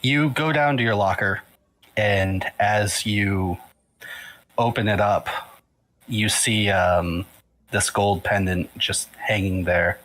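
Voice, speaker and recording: Low-voiced man narrating a tabletop game. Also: slow pace, rough recording. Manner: relaxed, filler-heavy narration. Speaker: game master.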